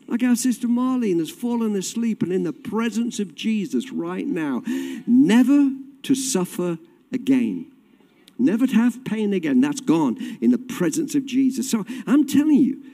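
A man preaching a sermon with passion, swinging from loud cries to quiet, low tones. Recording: long hall reverb.

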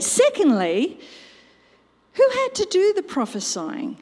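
Expressive older woman preaching in a hall. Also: high voice, unhurried. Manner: expressive, acts out quotes and sound effects. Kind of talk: sermon with storytelling. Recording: long hall reverb.

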